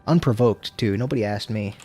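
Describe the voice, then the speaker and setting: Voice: medium pitch, a little fast, dark tone, breathy edge, faint music behind. A streamer chatting casually with viewers during a gameplay livestream, swearing freely and breaking into frustrated outbursts. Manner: laid-back, talks to chat.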